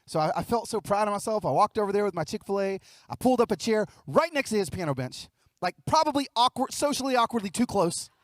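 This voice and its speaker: Man, high-pitched, dry close sound, animated storytelling keynote speech. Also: quick pace, few pauses, no echo. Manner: animated, acts out dialogue, repeats words. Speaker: keynote speaker. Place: luncheon event hall.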